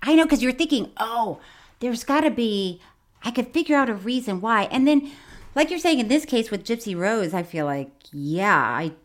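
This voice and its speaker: A woman's voice: fairly high pitch, animated, normal speed. A woman co-hosting a comedy podcast, chatting casually and laughing often. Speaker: podcast co-host.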